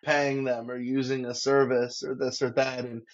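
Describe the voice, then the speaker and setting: A man's voice: medium pitch, flat delivery. Brief: male co-host on a podcast, friendly, stumbles through sentences, slightly muffled. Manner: halting, filler-heavy, friendly. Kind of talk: casual podcast chat.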